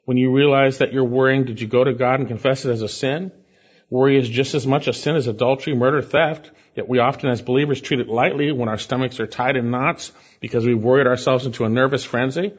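A man preaching an expository sermon as pastor, emphatic, with sharp jumps in pitch on key words. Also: fairly even intonation, fast talker. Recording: dull, lo-fi church recording.

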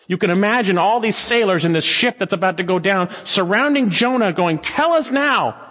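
A man's voice: mid-range voice, a bit bright, in a large hall. A male pastor preaching an expository sermon in an emphatic way, putting many rhetorical questions to his congregation.

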